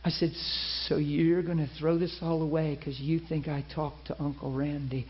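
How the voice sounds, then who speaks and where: A man's voice: a little high, flat delivery, normal speed, highs cut off. A man preaching a sermon, telling a story and acting out the people in it.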